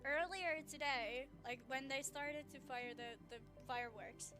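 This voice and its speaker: A woman streaming from home on her setup mic, chatting casually in a gushing, excitable way, swearing and often restarting her sentences. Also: sits high, a little slow, over music. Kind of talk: casual live-stream chat.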